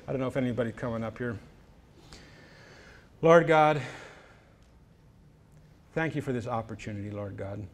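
A middle-aged man giving a conference lecture in a preaching style, emphatic, swinging from loud declarations to low, quiet lines and acting out quoted exchanges. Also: gravelly. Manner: lively, acts out quoted exchanges. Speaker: conference speaker. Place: conference hall.

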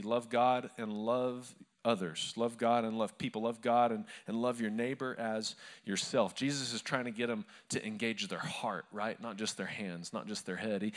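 A man's voice: mid-range voice, fairly bright tone. A male pastor preaching a sermon to a live church congregation, telling stories in a conversational, humorous way.

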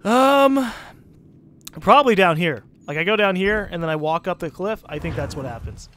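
A North American man talks through a video game in loose, profane let's play commentary. His voice sits high and swings widely in pitch, jumping up whenever something excites him. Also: moderate pace. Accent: central North American. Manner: casual, excitable, swears freely. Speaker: gaming commentator.

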